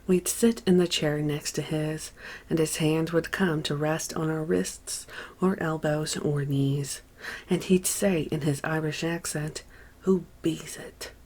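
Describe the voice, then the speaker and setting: A woman reading a memoir aloud as an audiobook narrator, measured and unhurried, with deliberate pauses. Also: sits low, fairly even intonation, darkish tone.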